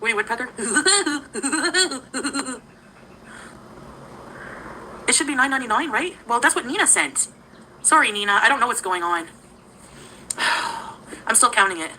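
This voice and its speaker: Bubbly high-voiced woman chatting on a livestream. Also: expressive, slow, pauses often, sharp tone, slight background noise, poor audio. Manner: greets viewers by name, giggly and chatty. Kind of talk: casual livestream chat.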